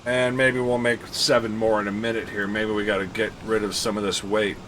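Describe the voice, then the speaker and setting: Bright-voiced chatty man streaming a game. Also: fairly low pitch, flat delivery, brisk, a little hiss or hum. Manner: chatty, thinks out loud and counts aloud, laughs often, talks to viewers. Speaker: live streamer. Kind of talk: casual gameplay commentary.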